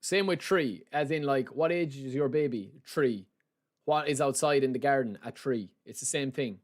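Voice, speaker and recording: A young Irish man streaming a game, chatty and excitable, talking to his chat as "lads" and saying he is sleep-deprived. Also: medium pitch, moderate pace. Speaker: gaming streamer. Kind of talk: live stream chat while opening game packs.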